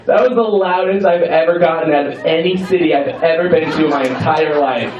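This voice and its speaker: A man's voice: fairly high pitch, brisk, recorded from a distance. Young male comic riffing with a crowd. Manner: playful, crowd-teasing, swears freely. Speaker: stand-up comedian. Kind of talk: stand-up comedy set. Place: comedy club. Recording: roomy club sound from afar, dull. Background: audience laughter.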